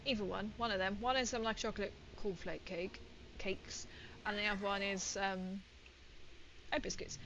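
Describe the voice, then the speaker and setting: A woman's voice: medium pitch, fairly even intonation, normal speed, a bit bright, slight background noise, rough recording. Chatty woman streamer rambling while gaming. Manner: chatty and rambling, laughs often, reads out viewer comments. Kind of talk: casual livestream chat while gaming.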